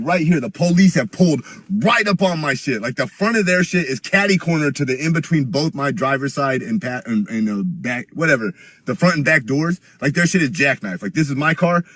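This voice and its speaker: A young man telling a rambling, profane story in casual chat, getting louder and higher as he gets worked up. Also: no room sound.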